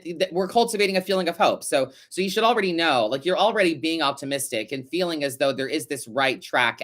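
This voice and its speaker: Chatty bright-voiced man reading tarot. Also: on the high side. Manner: chatty, animated, swears casually. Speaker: tarot reader host. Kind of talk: casual live-stream tarot reading.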